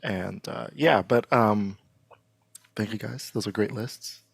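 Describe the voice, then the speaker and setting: A man's voice: lowish voice, slow, gravelly, husky, no room sound. A man hosting a casual podcast chat, talking with enthusiasm and lots of fillers and restarts. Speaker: podcast host.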